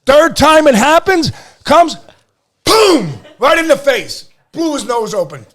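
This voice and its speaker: Middle-aged male podcast host, high-pitched, swears freely, plays out every quote in his stories. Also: slow pace. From Lehigh Valley, Pennsylvania. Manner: animated, profane storyteller who acts out quotes. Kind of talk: casual podcast storytelling.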